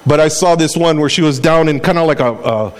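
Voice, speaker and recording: Man, middle-aged, sermon, conversational, a bit high-pitched. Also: a little fast. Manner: conversational preaching with acted-out quotes. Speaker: pastor.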